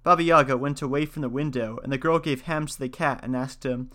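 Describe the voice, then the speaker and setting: Brief: male storyteller and lecturer, measured narration. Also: mid-range voice, fairly even intonation, pushed and bright. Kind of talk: folktale reading, then casual lecture.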